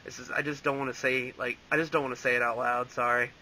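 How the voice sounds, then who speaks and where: A man's voice: medium pitch, little pitch movement, fast, bright, forceful tone, rough recording. A young man rambling casually as an interview guest, full of "like" and "um" and frequent laughs. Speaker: interview guest, fan voice actor.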